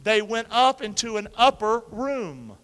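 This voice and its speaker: Brief: male pastor, bright forceful voice, big swooping call-and-response delivery, long church hall reverb. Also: high voice, a little slow. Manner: energetic, coaxes the congregation to repeat lines; uses football pep-talk imagery. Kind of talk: animated call-and-response sermon. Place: church sanctuary with a congregation.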